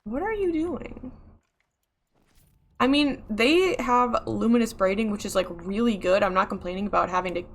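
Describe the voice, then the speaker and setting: A woman streaming a video game, excitably yelling and swearing at enemies while talking to her chat. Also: medium pitch, brisk, hardly any pauses. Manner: talks to herself and her chat. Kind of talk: live gameplay commentary.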